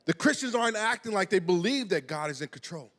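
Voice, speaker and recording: A middle-aged pastor delivers a sermon conversationally, weaving in personal stories, restarting words, and often asking "right?" His high-pitched voice is fast, expressive, and fairly bright, recorded with long hall reverb.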